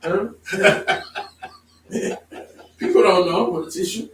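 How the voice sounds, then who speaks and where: A man preaching a sermon to a congregation, emphatic, moving from calm explaining to loud exclamations. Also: high-pitched, drawn-out words, background noise. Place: congregation hall. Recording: echoey room, from far off.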